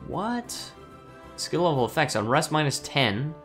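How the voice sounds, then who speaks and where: A man's voice: a little high, very animated, unhurried, fairly bright tone. A man streaming a strategy game, chatting casually, laughing often and reading chat aloud. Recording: faint background music.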